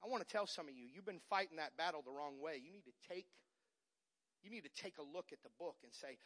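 A middle-aged man preaching a sermon as pastor, moving from quiet talk to shouted, fiery preaching. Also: on the high side, expressive, fairly quick. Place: church sanctuary.

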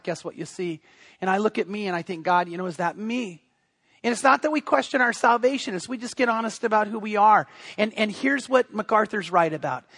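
A middle-aged male pastor with a high voice preaches a sermon and tells stories like he is chatting. He often stumbles and restarts his sentences. The sound is dry and close. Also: fairly bright tone, no room sound. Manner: storytelling, conversational with frequent restarts.

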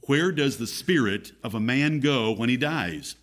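A man's voice: medium pitch, lively intonation, measured pace, a bit bright. A man preaching a sermon as pastor in a church, emphatic, his voice rising and falling.

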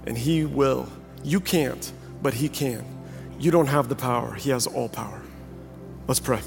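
A male pastor in his forties preaching a sermon, animated in his storytelling, acting out what people say, then praying in a soft, low voice. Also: a little slow, vocal fry, music in the background. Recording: long reverb from a large hall.

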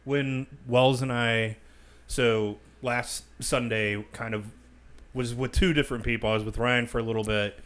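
A man's voice: mid-range voice, fairly even intonation, unhurried, a bit bright. Wisecracking man on a beer podcast. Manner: joking, wisecracking banter. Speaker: podcast co-host. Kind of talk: casual chat.

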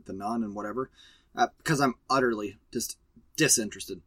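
A man's voice: on the low side, normal speed, bright, forceful tone, slightly rough, no echo. A man co-hosting a casual movie review chat, blunt and profane, ranting emphatically about films he loves and hates. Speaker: podcast co-host.

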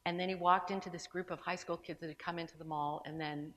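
Woman sharing a testimony in a big hall, lowish voice, long echo, chatty storytelling. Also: fairly even intonation, quick pace, a bit bright. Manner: conversational storytelling with restarts and asides. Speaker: speaker at a church gathering. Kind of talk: personal testimony sermon. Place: large room with an audience.

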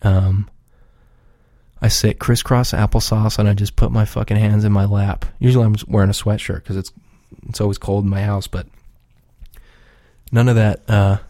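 A man's voice: fairly low pitch, level tone, moderate pace, warm tone, no room sound, clean studio sound. A man chatting casually on a podcast he is a regular of, rambling and swearing freely in a laid-back way.

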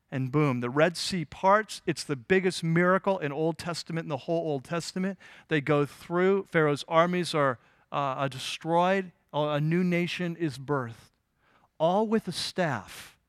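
Male pastor, high-pitched, dry close mic; conversational preaching with questions to the pews. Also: a bit bright, clean tone, no room sound. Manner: conversational, asks the congregation questions; voices biblical figures in quick asides. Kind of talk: sermon.

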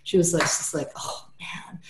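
A woman therapist with a slightly low voice chats loosely about a client, ending almost every sentence with "right?" and filling gaps with "you know". The sound is roomy and echoey. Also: fairly even intonation, moderate pace, background noise. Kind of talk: casual podcast conversation.

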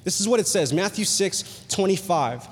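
A male pastor preaching a sermon, telling a personal story with animated jokey asides and bursts of excitement. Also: high-pitched, normal speed. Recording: long hall reverb.

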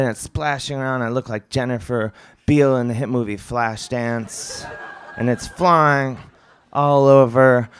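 A man telling a comic story on stage, rambling and animated, with lots of fillers and asides. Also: fairly low pitch, smooth. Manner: rambling, animated, self-mocking with many fillers. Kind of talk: stand-up storytelling.

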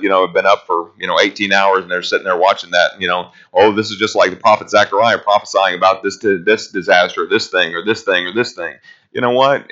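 A man's voice: lowish voice, sharp tone, highs cut off. A man leading a casual Bible study class, talking through scripture in a conversational, rambling way and reading passages aloud.

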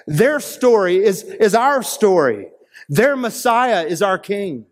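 A man's voice: high voice, sing-song, takes it slowly. A man preaching a sermon as pastor, earnest and building to emphatic peaks. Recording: long reverb of a large hall.

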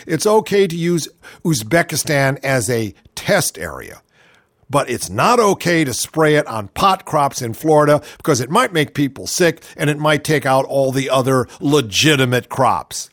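A man's voice: mid-range voice, very animated, moderate pace, dry recording, studio quality. A man hosting a political talk radio show, reading news items and breaking in with sardonic, mocking asides.

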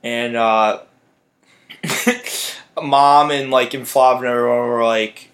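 A young man co-hosting a podcast, telling stories in a relaxed way full of fillers and swearing. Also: medium pitch, takes it slowly. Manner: laid-back, filler-heavy, swearing. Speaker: podcast co-host. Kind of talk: casual chat.

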